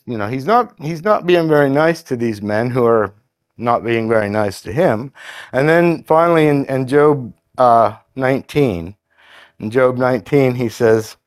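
A man preaching a sermon in a conversational, halting way, with fillers and restarts, who reads scripture aloud in a steadier cadence. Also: medium pitch, no room sound.

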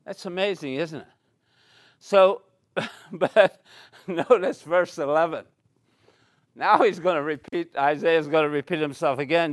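A man's voice: fairly high pitch, lively intonation, measured pace, no echo. A man preaching a bible study sermon, reading scripture aloud and stressing key words.

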